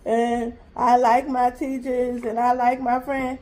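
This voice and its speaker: A woman voicing her worried young daughter, softly pleading with her mother. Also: on the high side, level tone, slow, slight background noise.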